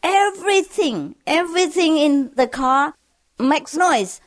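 A woman putting on a grumbling, exasperated car owner whose voice climbs above her own. The complaining is drawn out and slow. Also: high voice, lively intonation, dry recording, studio quality, voice pushed up. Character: friend grumbling about a noisy old car.

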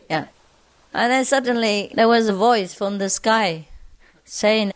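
Woman storyteller, unhurried joke-telling, slightly high voice, chuckles a lot. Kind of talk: telling jokes to an audience.

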